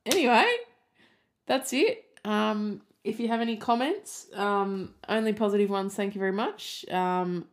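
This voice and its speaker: A woman's voice: medium pitch, a little mellow. A young Australian woman hosting a casual solo podcast, chatting in a rambling way full of "like" and "um". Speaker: podcast host.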